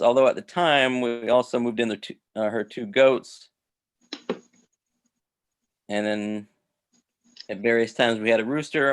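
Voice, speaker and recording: A man talking casually on a video call, rambling with lots of restarts and fillers. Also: medium pitch. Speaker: host.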